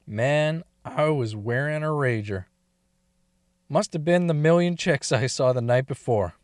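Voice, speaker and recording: Profane man telling a story, slow. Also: mid-range voice, darkish tone, no echo, studio quality. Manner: profane, laughs often. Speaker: story reader. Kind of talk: crude first-person storytelling.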